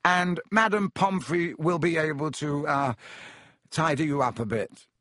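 A man's voice: a little high, a little slow, sharp tone, no echo, clean studio sound. Lockhart, a man playing a pompous vain wizard teacher. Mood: flustered. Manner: breezy, patronizing, soothing.

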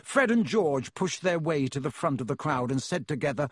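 A man narrating an audiobook in a measured, expressive storytelling style. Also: a little high, no room sound, studio quality. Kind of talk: scripted narration.

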